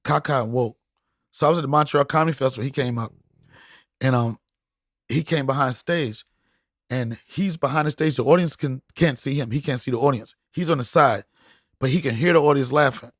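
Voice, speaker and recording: A middle-aged man, a guest comedian, telling stories in podcast chat, animated and acting out voices with frequent laughter. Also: mid-range voice, fairly quick, no room sound, clean studio sound. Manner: animated storyteller, acts out voices, laughs often.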